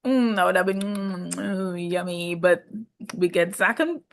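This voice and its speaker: A woman's voice: on the low side, measured pace, vocal fry, slight background noise. Chatty woman gossiping through a recap. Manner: chatty and gossipy, laughing often. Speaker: reality TV reviewer. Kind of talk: casual recap chat.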